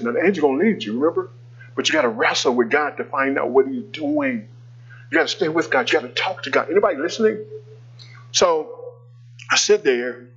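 A man's voice: fairly high pitch, fairly bright tone, slightly rough, highs cut off. A male pastor preaching a sermon, telling a personal story in a conversational way and calling out to the congregation.

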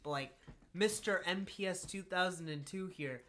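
A man's voice: high-pitched, normal speed, bright, forceful tone. A man co-hosting a podcast in casual chat, telling stories in a laid-back way, full of "like" fillers. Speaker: podcast co-host.

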